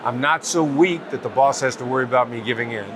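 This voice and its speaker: A man being interviewed as a negotiation expert, explaining in a calm, measured, patient way. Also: medium pitch, crowd noise. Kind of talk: interview answers. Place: outdoors at a summit event.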